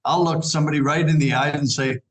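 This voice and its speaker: A man's voice: a little high, fairly even intonation, fast. A man, a Catholic priest, speaking as a guest on a radio talk show in a plain, conversational way.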